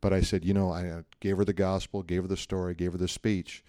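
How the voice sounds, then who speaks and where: A middle-aged male pastor telling a personal story in a sermon, animated and joking, often checking in with the listeners. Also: low voice, fast, no room sound. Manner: animated storytelling, jokey asides, frequent "right?".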